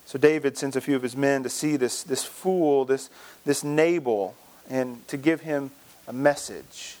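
A man's voice: medium pitch, measured pace, a little mellow. A male pastor preaching a sermon, telling a story and acting out its dialogue, with frequent restarts.

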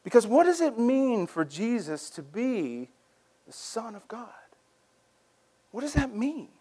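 A man preaching a sermon as pastor, in a conversational, animated way, often repeating words as he starts a phrase. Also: extremely high pitch, a little slow, breathy edge.

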